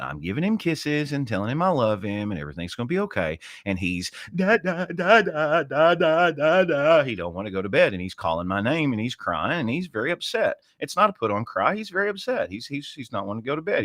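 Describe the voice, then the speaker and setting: Impassioned man, lively swinging pitch. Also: no room sound, clean studio sound. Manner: impassioned, storytelling with emphatic swings. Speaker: co-host. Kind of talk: casual political chat.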